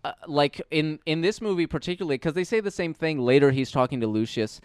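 Male co-host, animated movie talk, dry recording. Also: on the high side, fast, smooth, dry recording. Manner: animated, stumbling restarts. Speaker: film commentary co-host. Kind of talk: casual movie commentary chat.

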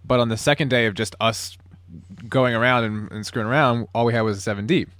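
A man explains how the film was shot, often stopping and restarting. His voice sits in a middle pitch. The sound is dry and close. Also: steady tone, fast, a bit bright, dry recording. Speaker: crew member and bit-part actor on commentary. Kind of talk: commentary track chat.

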